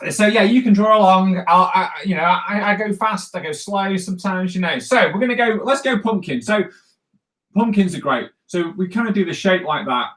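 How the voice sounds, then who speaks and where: A man's voice: high voice, moderate pace, fairly bright tone. A man leading a casual live drawing tutorial, rambling and chatty with many fillers and restarts. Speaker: cartoonist teaching drawing.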